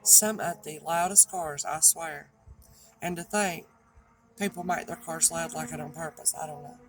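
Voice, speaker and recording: Over music, a middle-aged woman from North Carolina with a thick Southern drawl and a low voice chats casually in a vlog for her regular viewers. An online reseller and host, she talks at normal speed, rambling and tripping over her words.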